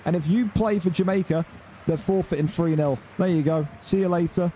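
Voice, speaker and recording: A man's voice: a little high, brisk, dark tone, slight background noise. An irritated young man, swearing and scolding his chat during an esports tournament stream. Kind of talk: angry ranting at chat on stream.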